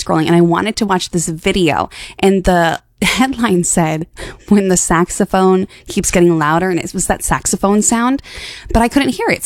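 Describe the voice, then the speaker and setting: Lady radio dj in her 30s, animated chatty story, laughing along, lowish voice. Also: no echo, studio quality. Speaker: radio host. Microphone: studio microphone.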